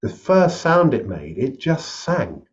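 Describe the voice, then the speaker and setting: A man, a composer and flute maker, telling a story in a casual chat over a video call, animated and laughing often as he acts out the people in it. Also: medium pitch, slow. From England. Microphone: webcam on a video call. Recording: slightly dull lo-fi call audio.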